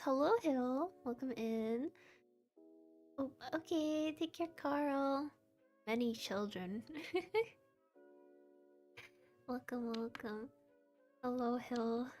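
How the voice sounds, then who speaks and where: A young woman with a high, light voice talks with her chat in a relaxed, unhurried way during a casual livestream. She giggles a lot and teases herself, and soft music plays quietly in the background. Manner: giggly, chatty and self-deprecating. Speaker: VTuber streamer and model rigger.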